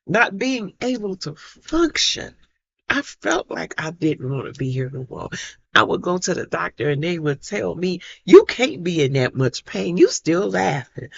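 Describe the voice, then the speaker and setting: A woman's voice: fairly low pitch, gravelly, breathy edge, dull audio. A middle-aged woman vlogger telling a personal story to camera in an emphatic way, repeating herself and acting out what others said. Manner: emphatic, repeats herself, acts out quoted voices.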